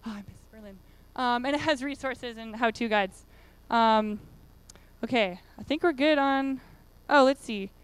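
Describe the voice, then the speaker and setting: A woman's voice: fairly high pitch, a little slow, clean tone. A woman giving a casual conference talk, chatty and full of fillers. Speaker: conference speaker. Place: conference room.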